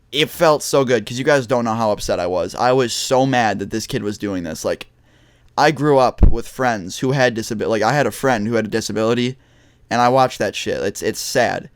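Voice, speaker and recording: A man's voice: mid-range voice, normal speed, no echo. Young male vlogger, blunt and profane storyteller, mid-range voice, dry close mic. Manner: blunt, heavy swearing, many restarts. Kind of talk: casual storytelling to camera.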